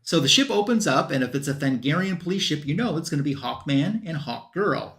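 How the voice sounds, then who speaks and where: A man's voice: a little high, expressive, fairly quick, a bit bright. Casual rambling male comic show host. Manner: loose and rambling, full of fillers. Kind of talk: casual comic book recap on a panel stream.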